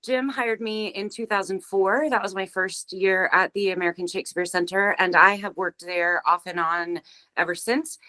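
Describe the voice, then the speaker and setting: A woman's voice: mid-range voice, steady tone, normal speed, pushed and bright. A middle-aged woman, a stage actor, chatting on a video call in an upbeat, laughing way. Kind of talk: casual video-call chat.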